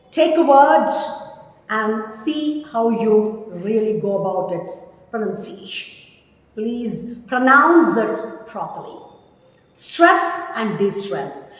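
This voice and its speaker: A woman in her fifties from India teaches a spoken English lesson, her delivery emphatic and instructive as she repeats key words. Her voice is fairly high and fairly bright, recorded in an echoey room with long reverb.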